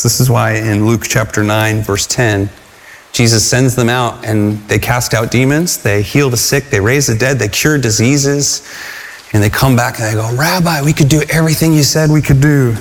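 A man preaching a sermon, telling stories with animated energy and asking the congregation rhetorical questions. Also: mid-range voice, in a large hall. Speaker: pastor.

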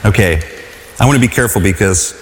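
A man's voice: lowish voice, quick pace. A man preaching a sermon, earnest, repeating phrases and asking the congregation to say lines back with him. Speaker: pastor. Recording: long hall reverb.

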